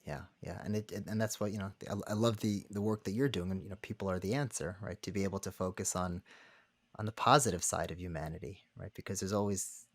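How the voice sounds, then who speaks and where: A man, a rabbi and counselor, telling a personal story as a podcast guest in an earnest, halting way. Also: low-pitched, fairly even intonation, dry recording. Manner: earnest, halting, many restarts. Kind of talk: conversational storytelling.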